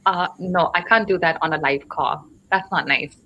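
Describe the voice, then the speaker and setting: A woman's voice: on the low side, normal speed, bright, forceful tone, highs cut off, a little hiss or hum. A woman teacher hosting a live online English lesson, explaining in a chatty way and checking in with her listeners.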